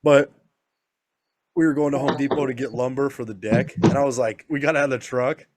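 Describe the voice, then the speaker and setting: A man's voice: medium pitch, a little fast, background noise. A man co-hosting a podcast, a father telling profane stories in casual chat and acting out the quotes. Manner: animated, profane storytelling with acted-out quotes. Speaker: podcast co-host.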